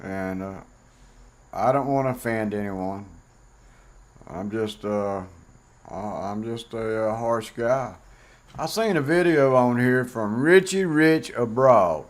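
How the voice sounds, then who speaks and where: A man's voice: medium pitch, lively intonation, slow. A middle-aged man talking bluntly and plainly in a casual vlog monologue, rambling with fillers. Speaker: vlogger host.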